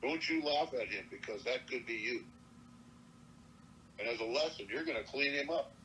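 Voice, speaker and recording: A fierce elderly grandmother barks commands in a raised, bright, forceful voice, as an old man puts her on. She is stern and protective, and she scolds with no patience for nonsense. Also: mid-range voice, moderate pace, slight background noise, lightly acted, low-quality recording.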